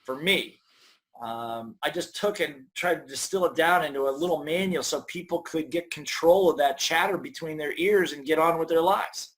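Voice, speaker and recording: This is a middle-aged man with a fairly high voice, speaking as a guest author in a conversational interview. He tells stories with energy and acts out the voices people hear in their heads. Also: moderate pace, fairly bright tone.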